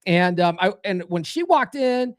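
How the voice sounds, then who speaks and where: Blunt crude guy in his 30s running a dating stream, reads chat out loud, keeps saying brother. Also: high voice, sing-song, measured pace. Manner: blunt, brash, crude, calls listeners brother; mimics others in raised voices. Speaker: dating coach and livestream host. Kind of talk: casual livestream talk reading chat.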